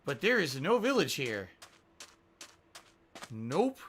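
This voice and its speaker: A man live-streams a game, rambling, thinking aloud and reading out tips from viewers. His voice is on the high side, fairly bright and very animated, yet slow-paced, with slight background noise.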